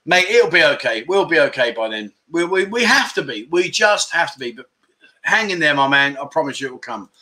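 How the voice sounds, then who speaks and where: A lively middle-aged man chats through viewer comments on his livestream, with a bright, forceful voice sitting a little high for a man. He is animated and exclamatory, and now and then he bursts into a loud catchphrase. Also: fairly quick. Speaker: livestream chat show host. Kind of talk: casual chat reading viewer comments.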